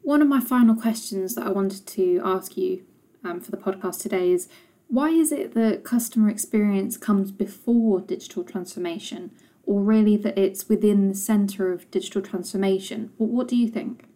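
Woman, podcast host, measured formal questions, soft mellow tone. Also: medium pitch. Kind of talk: interview questions.

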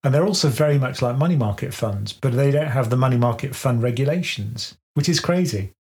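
A man talks through finance topics at a steady, mid-range pitch. His delivery is measured and explanatory, leaning on plain analogies to make a point in a relaxed podcast chat.

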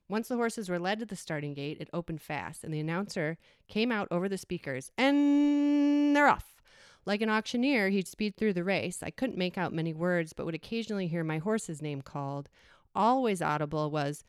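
Low-pitched woman in her forties, measured reflective storytelling, clear and dry. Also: no room sound. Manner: reflective, measured reading with brief acted quotes. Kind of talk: personal essay read aloud.

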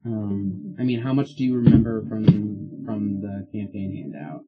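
A man's voice: fairly low pitch, fairly even intonation, normal speed, phone-quality sound, loud music behind the voice. A man running a tabletop game as game master, casual and hedging.

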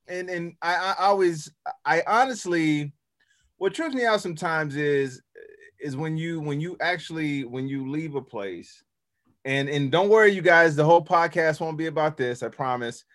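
A man's voice: unhurried, a bit bright. Rambling laid-back podcast host, man. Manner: rambling, restarts often, drops to low tones for reflection. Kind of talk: casual podcast chat. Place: Hollywood.

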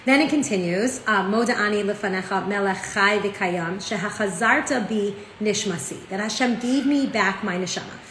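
A woman, teaching in a casual, chatty way. Her storytelling is animated, full of "like" and "right?" asides. The room is echoey, with a faint hum of ambience behind her. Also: mid-range voice, normal speed, hardly any pauses. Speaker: Torah class teacher. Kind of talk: casual spoken lesson.

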